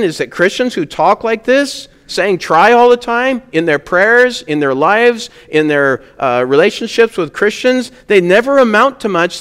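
Male pastor, smooth resonant voice pitched a bit high, earnest sermon delivery, long church reverb. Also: fairly bright tone. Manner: earnest preaching, rising to emphatic peaks on key words.

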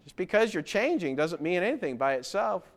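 Male preacher with a high-pitched voice, earnest and exhorting, putting pointed questions to the congregation. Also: very animated, a little fast. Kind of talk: sermon.

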